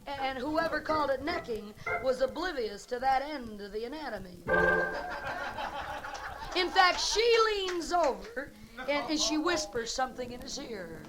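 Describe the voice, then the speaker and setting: A middle-aged stand-up comedian teases her crowd with bawdy material, brassy and playful, in a live club recording where the audience is loud and background noise comes through. She has an animated, high voice but takes her time.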